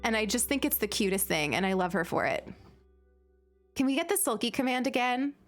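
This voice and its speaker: A woman's voice: fairly high pitch, animated, a little fast, soft background music. Chatty young woman streamer, giggly. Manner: chatty, giggly, lots of "like" fillers. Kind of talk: casual chat while gaming.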